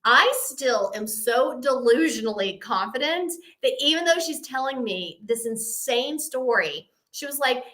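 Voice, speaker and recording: Bright-voiced woman telling an animated story. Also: a little high, measured pace, hardly any pauses. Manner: animated, self-mocking, acts out both sides of the story. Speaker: hypnotist hosting a live stream. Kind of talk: casual storytelling on a live stream.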